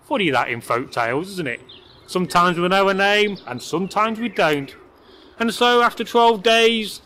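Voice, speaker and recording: A man's voice: high-pitched, bright, forceful tone, a little hiss or hum. A man hosting and telling a folk tale, playful, with chatty asides to his viewers. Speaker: host and storyteller.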